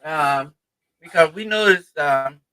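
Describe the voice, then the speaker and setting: A man's voice: fairly high pitch, takes it slowly, smooth, rough recording. A man hosting a live online talk show over video call, playful and calling out to his viewers. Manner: lively, playful, calls out to viewers. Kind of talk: casual live-stream hosting.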